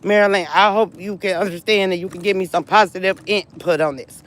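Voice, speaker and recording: A woman's voice: medium pitch, steady tone, a little fast, low-quality recording. A woman talks straight to her viewers, venting a long personal story with many repeats and asides. She sounds upset and worn down. Faint traffic hums behind her outdoors. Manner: rambling, repeats herself, addresses viewers directly. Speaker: vlogger talking to viewers.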